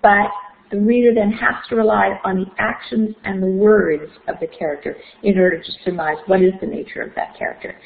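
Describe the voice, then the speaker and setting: A woman's voice: medium pitch, steady tone, a little fast, gravelly. A woman lecturing on literature, explaining with rhetorical questions and frequent fillers. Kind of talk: recorded lecture. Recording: echoey, phone-like thin sound.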